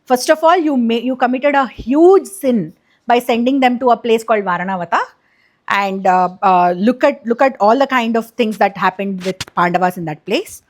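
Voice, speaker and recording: A woman's voice: on the high side, normal speed, close to an everyday voice. A woman quoting a stern old grandfather patriarch. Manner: plain retelling voice, scolding, full of restarts. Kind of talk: storytelling quote for kids.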